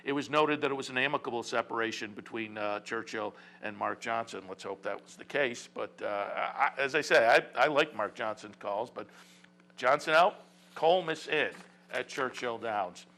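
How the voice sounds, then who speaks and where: A man's voice: mid-range voice, moderate pace, sharp tone. A man hosting a horse racing talk show, rambling casually with many fillers and restarts.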